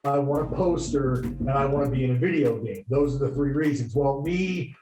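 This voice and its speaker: A man in his thirties, a former pitcher, telling lively anecdotes in a casual interview and acting out the quotes. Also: normal speed. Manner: animated, spins anecdotes with voiced quotes. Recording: echoey room with faint music.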